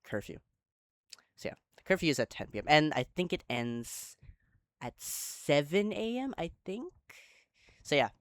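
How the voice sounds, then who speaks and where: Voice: mid-range voice, sing-song, measured pace, long pauses, no echo. A channel host casually retelling an online roleplay, rambling and correcting themselves, with chatty asides to viewers.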